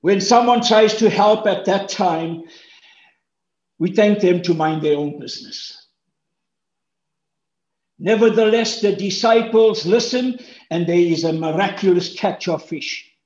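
A man preaching a sermon, animated and acting out the speakers' lines with big jumps in pitch. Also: a little slow, long pauses. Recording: roomy echo, dull lo-fi sound.

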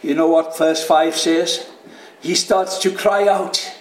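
High-pitched guy preaching slow, big dramatic swings up to shouting, echoey church sound. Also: steady tone, slight background noise. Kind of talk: sermon. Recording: echoey room.

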